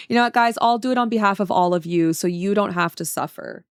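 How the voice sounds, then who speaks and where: A woman's voice: medium pitch, fast, few pauses, clean tone, no echo, studio quality. A woman streaming as she draws, chatting casually with viewers in a playful, mock-dramatic way. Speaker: streamer and artist. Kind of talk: casual livestream chat.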